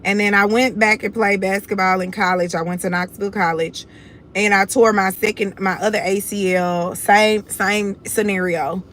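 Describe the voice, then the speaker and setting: This young woman from Houston, Texas runs her own livestream, speaking casually, bluntly and confidently to viewers she calls "y'all," in a Southern Houston accent. Her mid-range voice is steady and fairly bright at a moderate pace, with slight background noise.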